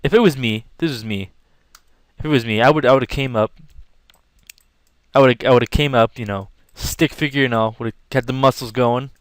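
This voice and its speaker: Drawing as he talks, a young man spins a casual, meandering tale for the camera at normal speed, acting out the scenes, yelling included. His medium-pitched voice is clear and resonant, with no echo.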